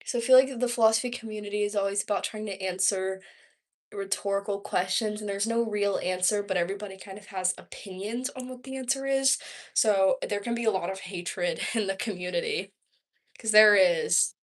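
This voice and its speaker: A woman's voice: mid-range voice, steady tone, a little fast. A young woman from Georgia in the United States, rambling casually at home on a livestream, answering viewer questions with lots of "like". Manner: rambling and chatty, heavy use of "like". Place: her home.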